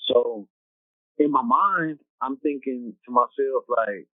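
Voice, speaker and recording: Male interview guest, average pitch, casual streetwise storyteller, thin phone-quality dry audio. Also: very animated, takes it slowly, vocal fry, no echo. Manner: rambling, streetwise, tags lines with "right?" and "you know what I'm saying". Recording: tinny phone-like dry sound.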